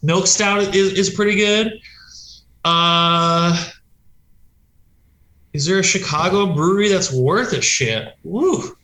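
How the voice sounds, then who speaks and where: A man's voice: sits high, takes it slowly, long pauses, sharp tone. A man, a touring punk musician, telling stories in a rambling, profane, casual way and acting out quoted voices. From United States. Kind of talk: casual storytelling chat. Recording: roomy echo.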